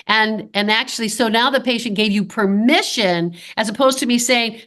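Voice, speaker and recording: A woman's voice: a little high, moderate pace. A woman in her fifties, a dental practice consultant, giving a podcast interview and acting out quoted dialogue as she tells stories. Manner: animated storyteller who acts out quoted dialogue.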